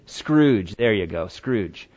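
Conversational American pastor, slightly muffled. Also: male voice, lowish voice, lively intonation, a little mellow. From United States. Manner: conversational preaching with quick quoted asides. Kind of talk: sermon.

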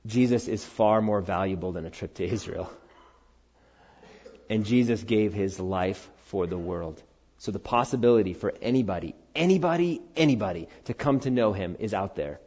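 A middle-aged male pastor delivers an earnest sermon, climbing into loud, high-pitched emphasis and then sinking to quiet, low conviction. His voice sits fairly low. The recording is slightly dull and lo-fi. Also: normal speed. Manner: earnest, animated preaching that rises loud then drops low.

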